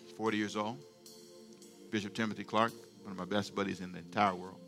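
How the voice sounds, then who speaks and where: A middle-aged male pastor preaching a sermon, moving from quiet storytelling to fervent call-and-response shouting. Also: lowish voice, flat delivery, a little fast, creaky, faint music behind.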